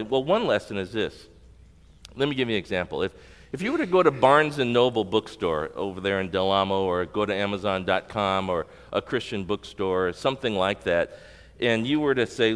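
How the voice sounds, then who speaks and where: A male pastor preaching a sermon, teaching and asking the congregation rhetorical questions. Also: fairly low pitch. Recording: long reverb of a large hall.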